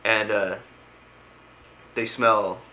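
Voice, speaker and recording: A man's voice: fairly low pitch, fairly even intonation, drawn-out words, bright, forceful tone, slight background noise. A man casually retelling video game lore, rambling with lots of ums and likes. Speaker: lore explainer.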